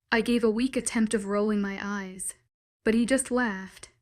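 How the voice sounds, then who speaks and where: Reading a fantasy tale in the first person, this woman keeps her voice at an ordinary middle pitch. She delivers an inner monologue with measured drama, carrying it steadily like a practiced storyteller.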